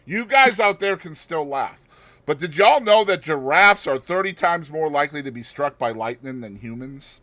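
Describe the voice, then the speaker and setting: A man's voice: on the high side, animated, moderate pace, pushed and bright, no echo. A man co-hosting a podcast in casual chat, rambling and joking with puns and asides. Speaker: podcast co-host.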